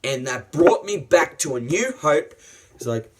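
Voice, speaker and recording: A man's voice: a little high, expressive, measured pace, background noise. A man reviewing a series in a casual, enthusiastic, rambling way, swearing often and using many fillers.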